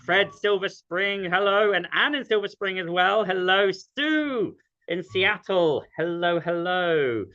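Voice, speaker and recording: A man's voice: high voice, animated, slow, pushed and bright. A man hosting an online sing-along, chatty and self-deprecating, with many ums. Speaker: host. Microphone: video call. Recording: dull lo-fi video call audio.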